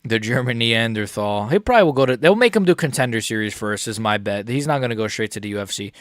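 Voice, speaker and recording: Bright-voiced young man muttering fight commentary. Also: medium pitch, animated, fast talker, no room sound, clean studio sound. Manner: casual, profane, muttered running commentary. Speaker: MMA streamer. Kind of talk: live fight reaction commentary.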